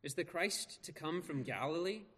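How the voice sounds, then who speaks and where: Man pastor reading scripture then preaching, slow earnest pauses, kinda high voice, long hall echo. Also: a bit bright, slightly rough. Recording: long reverb of a large hall.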